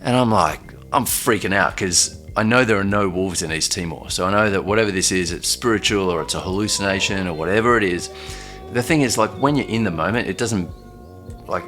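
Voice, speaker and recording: A young man recounts his own experience in a relaxed, halting manner, with frequent fillers and restarts. His voice sits very low. Faint music plays underneath. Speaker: storyteller. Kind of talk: casual first-person storytelling.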